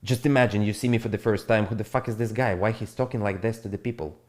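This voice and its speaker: Blunt, profane crypto streamer. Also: male voice, on the low side, steady tone, quick pace, darkish tone. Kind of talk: casual live-stream monologue.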